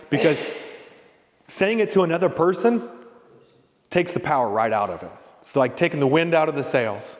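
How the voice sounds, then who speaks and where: Middle-aged man coaching, echoing hall. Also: fairly high pitch. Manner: rambling, coaching tone with frequent "right?" and "okay?". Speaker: host of a leadership discussion group. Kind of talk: casual motivational talk.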